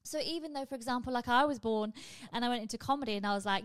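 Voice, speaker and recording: A young woman, a comedian hosting a podcast, ranting in a casual, animated and sweary monologue. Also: a little high, fast talker, few pauses, clean tone, dry recording.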